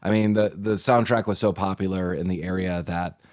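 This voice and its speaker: A man's voice: deep voice, steady tone, a little fast, a little mellow, dry recording, clean studio sound. A man co-hosting a casual podcast chat, joking around and laughing often. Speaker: podcast co-host.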